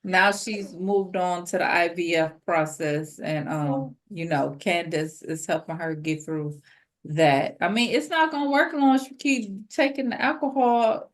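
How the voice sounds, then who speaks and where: A woman co-hosting a casual chat podcast, recapping a reality show in a slangy, animated way with voiced quotes. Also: on the low side, measured pace. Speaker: podcast co-host.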